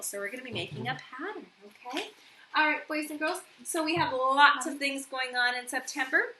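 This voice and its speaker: Her voice sits high, sounding pushed and bright, and she talks fairly quickly. An elementary school teacher, she guides young children through a morning meeting lesson in a classroom, patiently asking questions and praising them. The mic is far off, picking up roomy echo and a little hiss or hum.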